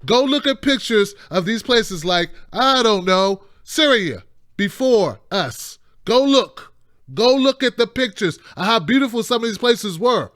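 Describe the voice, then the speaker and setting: A man's voice: sits high, lively intonation, measured pace, fairly bright tone, no echo, clean studio sound. A man hosting a live call-in show, delivering impassioned political commentary in a rambling, emphatic way with mocking asides.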